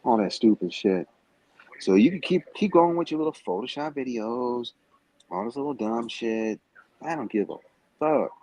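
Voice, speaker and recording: Calling into a livestream remotely from Las Vegas, a guest rants heatedly, taunting and cursing at a rival. His medium-pitched voice is warm and expressive at a moderate pace, though the recording is low quality with no echo.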